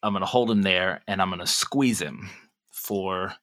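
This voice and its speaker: Bright-voiced man playing a tabletop game. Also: low voice, normal speed, dry recording. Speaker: player. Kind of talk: tabletop game play, casual.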